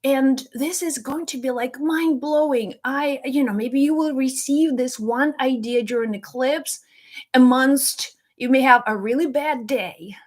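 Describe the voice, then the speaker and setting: A woman's voice: high-pitched, unhurried. A woman speaking as a psychic medium and spiritual teacher, talking to camera in an earnest, encouraging way. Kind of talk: casual spoken teaching to camera.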